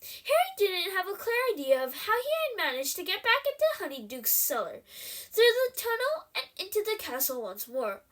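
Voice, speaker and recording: Expressive high-voiced woman reading aloud. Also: normal speed. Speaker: reader.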